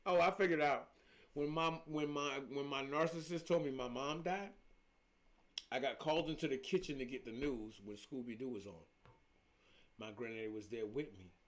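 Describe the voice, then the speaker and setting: A man's voice: mid-range voice, normal speed. A middle-aged man, talking casually on a livestream as a spiritual life coach, emphatic and preachy, telling stories with lots of repetition.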